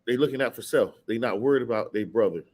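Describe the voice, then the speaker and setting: A man's voice: mid-range voice, a little mellow. Man casually teaching scripture. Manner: conversational, reads verses slowly and deliberately. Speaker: Bible teacher. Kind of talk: casual scripture study talk.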